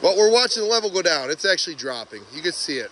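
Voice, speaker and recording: A man vlogging outdoors by a pond, chatty and excited as he narrates while walking with a handheld phone. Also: high voice, a little hiss or hum. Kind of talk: casual outdoor vlog commentary. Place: outdoors by a pond and beaver dam. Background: rushing water.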